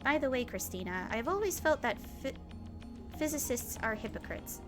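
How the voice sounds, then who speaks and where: A woman's voice: fairly high pitch, sing-song, moderate pace, over music. Woman reading as a grandiose young mad scientist. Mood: arguing. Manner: theatrical, grandiose. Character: eccentric self-styled mad scientist, young man.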